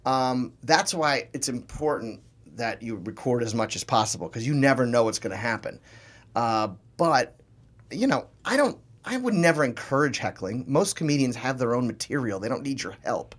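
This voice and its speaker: A man from New Orleans, a comedian guest in a casual interview, telling animated stories and slipping into voices and accents. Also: medium pitch, normal speed. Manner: animated storyteller who slips into voices and accents.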